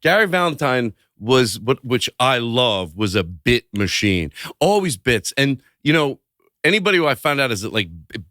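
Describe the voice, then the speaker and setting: Male podcast guest, mid-range voice, animated and playful, dry close mic. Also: mid-range voice, normal speed, no room sound. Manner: animated, acts out bits with sudden loud outbursts. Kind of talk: casual chat.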